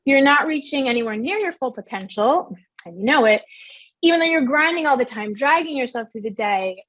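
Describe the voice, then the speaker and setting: A woman's voice: high-pitched, animated, fairly quick, fairly bright tone, dry recording, lo-fi sound. A middle-aged woman giving an earnest, emphatic motivational workshop talk and asking her audience questions. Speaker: workshop speaker.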